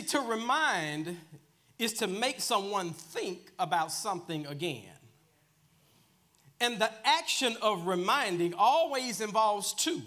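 Lively high-voiced minister. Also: male voice. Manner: storytelling, joking, chuckling. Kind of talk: sermon.

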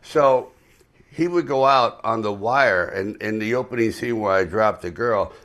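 An older man on a video call, telling an anecdote in a relaxed, wry way with dry humor. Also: on the low side, unhurried. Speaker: actor on a press panel. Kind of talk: anecdotal storytelling.

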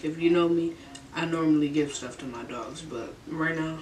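During a bedroom mukbang, a young female vlogger with a low, slightly mellow voice recounts a story at normal speed. She laughs a lot and keeps it laid-back, slangy, and profane, and the audio sounds roomy and distant with faint hiss.

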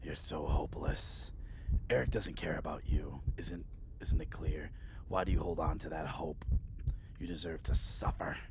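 A man's voice: moderate pace, creaky. A man voicing a cruel, whispering inner voice that taunts a despairing girl, in whispered role-play. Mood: cruel taunting. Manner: low, venomous hiss.

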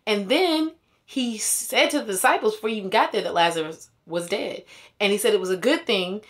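A woman teaches scripture as if chatting with friends, with animated, slangy paraphrasing and quick laughs. Her tone is conversational and full of asides, and her pitch sits in an ordinary middle range. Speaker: Bible teacher. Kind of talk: casual Bible retelling.

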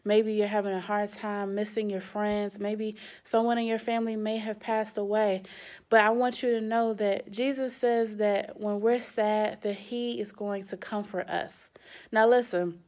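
A woman's voice: mid-range voice, level tone, unhurried. A young adult woman, a children's pastor, speaking straight to the kids in a sermon with emphatic rises. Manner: warm, direct address to kids, emphatic rises.

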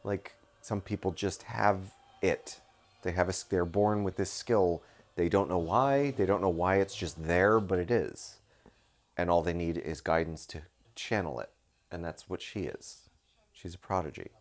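A man with a very low, deep voice reviews a movie in casual conversation. He talks in an animated way, swears freely and laughs often. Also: unhurried. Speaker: co-host.

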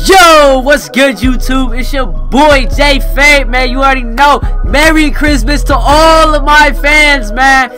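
A man's voice: very high voice, a little slow, few pauses, bright, forceful tone, soft background music. A young man closing his gaming video with a hyped, sing-song, slangy outro to his viewers. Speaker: gaming YouTuber.

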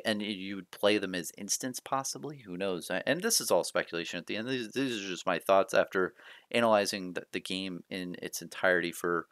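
A man excitedly sharing his thoughts on a card game in casual commentary, rambling and laughing often while keeping his voice down late at night. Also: sits low, no echo, studio quality. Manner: rambling and hyped, laughs often, frequent restarts. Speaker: card game video host.

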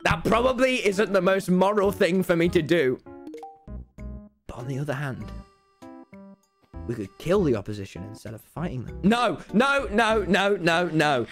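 An excitable young man talking over his live game stream, his voice fairly high and leaping all over the place. He laughs and yells a lot and stacks up repeated words, with faint music playing behind him. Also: normal speed, long pauses. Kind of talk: live gameplay stream commentary.

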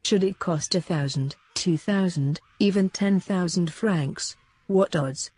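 A dying, greedy old usurer, brisk and anxious, as a woman reads him. Low, mellow voice with a husky edge, close and dry. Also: no echo.

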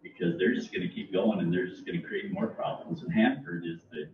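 A man's voice: sits low, fairly quick. An older man from Oregon speaking emphatically as an audience member at a library talk. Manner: emphatic, concerned. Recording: roomy, distant, muffled with faint noise.

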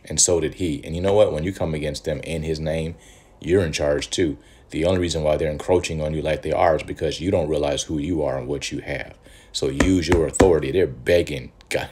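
A man teaching from the Bible in a conversational, animated preaching style, asking rhetorical questions. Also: very deep voice, breathy edge. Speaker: pastor. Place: Michigan.

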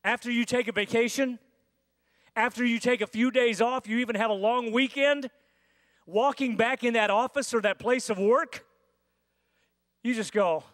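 A man preaching a sermon as senior pastor, with dramatic pauses and acted-out inner voices. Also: very high voice, a bit bright. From United States. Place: large church sanctuary. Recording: dry sound with long hall reverb.

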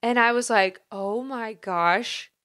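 Female podcast co-host with a crisp, bright voice, candid and heartfelt. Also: fairly high pitch, slow pace. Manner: open, emotional storytelling. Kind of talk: casual podcast conversation.

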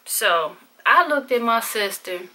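A woman's voice: a little high, animated, slow pace, pushed and bright. A woman vlogger telling a candid personal story in casual, profane, conversational speech.

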